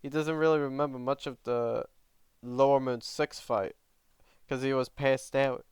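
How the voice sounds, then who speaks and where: A man's voice: mid-range voice, fairly even intonation, measured pace, darkish tone, smooth, no echo, studio quality. A man casually narrating a fan story, chatty and self-correcting with side comments.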